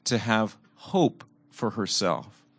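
A middle-aged man preaching a sermon and telling personal stories, earnest, moving between raised emphasis and soft, quiet reflection. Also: fairly low pitch, expressive, slow, husky, dry recording.

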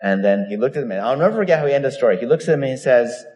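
A man preaches a sermon, weaving in stories and briefly taking on the voices of the people in them. His voice sits in an ordinary middle pitch. The sound rings with the long reverb of a large hall. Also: very fast, few pauses. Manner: storytelling, animated, acts out quoted voices. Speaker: pastor.

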